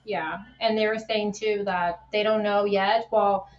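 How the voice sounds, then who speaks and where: A woman's voice: medium pitch, steady tone, a little slow, soft background music. Teary woman rambling on a live stream, roomy dull audio. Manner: emotional, tearful, rambling with restarts. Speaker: livestream host. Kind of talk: emotional casual chat on a livestream.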